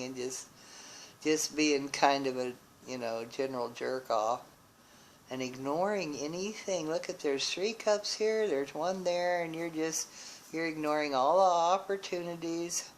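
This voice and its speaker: Slow, musing tarot reader. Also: mid-range voice, a little hiss or hum, poor audio. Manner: musing, with frequent exclamations of wonder; thinks aloud with restarts and pauses. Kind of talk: tarot card reading.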